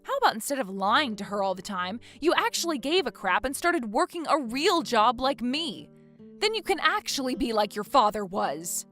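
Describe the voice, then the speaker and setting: A woman's voice: a little high, sing-song, normal speed, a bit bright, faint music behind. A woman playing a fed-up, exasperated wife in a dramatized story, talking indignantly. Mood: frustrated.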